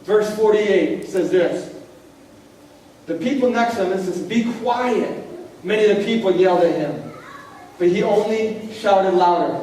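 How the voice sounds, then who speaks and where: Man, pastor, very high voice, conversational sermon, drawn-out emphasis, echoey hall from far off. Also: warm tone, a little hiss or hum. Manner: conversational preaching, drawing out key lines. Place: church hall.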